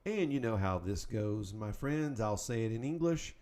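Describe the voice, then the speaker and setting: A man hosting a Spanish lesson podcast, calling out words, pausing, then giving the answers in an upbeat, patient way. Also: on the low side, expressive, darkish tone. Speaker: Spanish teacher. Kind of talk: podcast language drill.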